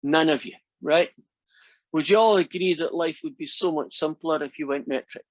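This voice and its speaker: A man's voice: fairly high pitch, normal speed, dry recording. Chatty man lecturing a math class. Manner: chatty, teasing, asks the class questions. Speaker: math instructor. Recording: dull lo-fi lecture recording.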